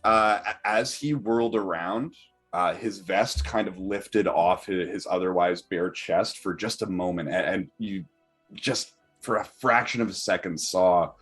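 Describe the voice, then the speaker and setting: A man's voice: low voice, a little slow, fairly bright tone, slightly rough, faint music behind. A man narrating as game master of a tabletop game, with stammering restarts and many fillers.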